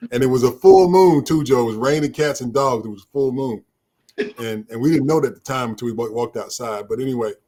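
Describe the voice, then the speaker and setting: A man who used to be a police officer, telling stories from the job in a casual chat and acting out the people in them. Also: medium pitch. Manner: animated storyteller, plays the people in his stories. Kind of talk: casual storytelling in conversation.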